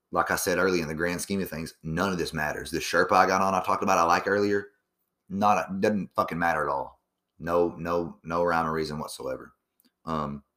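A man's voice: deep voice, a bit bright. A young man musing in a loose, profane monologue, full of fillers and restarts. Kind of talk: casual rambling monologue.

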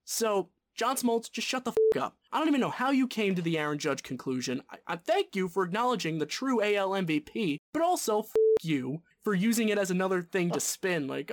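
A man's voice: sits high, big pitch swings, moderate pace. A male podcast co-host ranting about sports in a fired-up, casual way. He swears often and keeps building on his own complaint.

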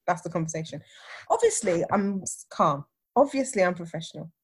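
A woman, telling a personal story in a casual chat with lively, acted-out retellings. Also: lowish voice, a little fast, breathy edge. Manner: animated, acts out others' lines. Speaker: podcast guest, teacher.

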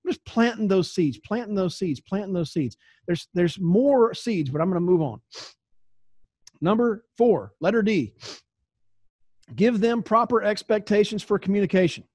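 A man with a Southern accent trains insurance agents in a relaxed, conversational way. His voice sits a little high, and he slips into acted-out exchanges with clients. The recording is dry and close. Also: moderate pace, dry recording. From American South. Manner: conversational, acts out client dialogues. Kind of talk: sales training talk.

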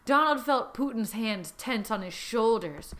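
A woman hosts a podcast with animated, jokey delivery and casual swearing, switching between comedic reading and banter. Her voice sits on the higher side. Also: a little slow, a crowd in the background. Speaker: podcast host.

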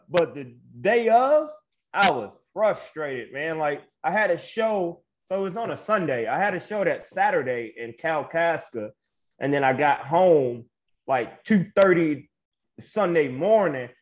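A man's voice: a little high, expressive, measured pace. A young adult man, a guest wrestler, telling a story in a laid-back, slangy way and laughing often, on a muffled lo-fi recording. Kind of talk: casual storytelling interview. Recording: muffled lo-fi audio with faint noise.

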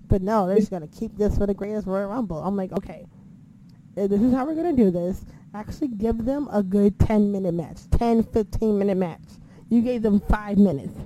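Animated woman swearing through a recap. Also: medium pitch, normal speed, a little hiss or hum, low-quality recording. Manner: animated, swearing, acts out her own reactions. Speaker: wrestling recap host. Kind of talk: casual profane recap.

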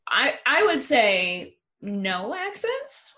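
A young woman in casual podcast chat, giving frank and expressive opinions. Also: a little high, drawn-out words.

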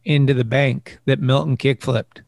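A man's voice: mid-range voice, fairly even intonation, moderate pace, gravelly, darkish tone, dry recording, studio quality. A man hosting a casual chat, laid-back, mostly short interjections.

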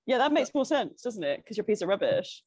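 A woman's voice: mid-range voice, very animated, fast talker, darkish tone, slightly rough, no room sound. Young woman chatting on a podcast, says like a lot, mid voice, dry close sound. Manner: chatty, filler-heavy storytelling. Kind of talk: casual podcast chat.

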